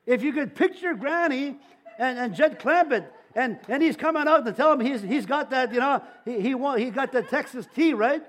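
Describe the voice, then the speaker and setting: An older man giving a sermon as pastor, telling his own story in a preaching style full of restarts and stammered repeats, rising louder on key phrases. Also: very high-pitched, animated, normal speed.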